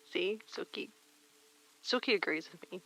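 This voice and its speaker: A young woman streamer chatting softly and reading poems aloud in a breathy, near-whispered voice through a retro telephone-style mic filter. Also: medium pitch. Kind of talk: casual chat and poetry reading. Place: home streaming room. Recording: filtered lo-fi mic with faint rain.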